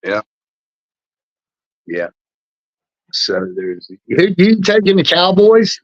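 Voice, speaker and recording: A man's voice: high-pitched, wildly swooping pitch, takes it slowly, no room sound, lo-fi sound. A man co-hosting a casual sports chat, answering in short, laid-back remarks. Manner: brief, laid-back replies. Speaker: co-host.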